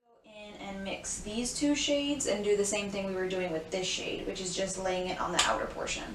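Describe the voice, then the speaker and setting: A woman's voice: medium pitch, steady tone, moderate pace, roomy sound, distant mic, crowd noise, rough recording. A young woman in her twenties from South Florida chats casually through a makeup tutorial, rambling with lots of "like" and "y'all.". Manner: chatty, rambling, peppered with "like" and "y'all". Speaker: beauty vlogger. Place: home room, indoors. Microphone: camera mic at a short distance.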